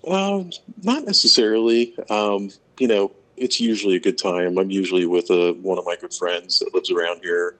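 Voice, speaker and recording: A man from Florida answering interview questions in a relaxed, hesitant way with lots of ums. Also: low voice, normal speed, hardly any pauses. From Florida, USA. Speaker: interview guest, pipe maker.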